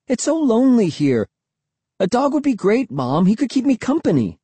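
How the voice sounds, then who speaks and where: A man voicing an excitable young boy who talks in an eager, pleading way. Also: on the high side, normal speed, slightly rough, no room sound, pitched above the performer's own voice, exaggerated voice.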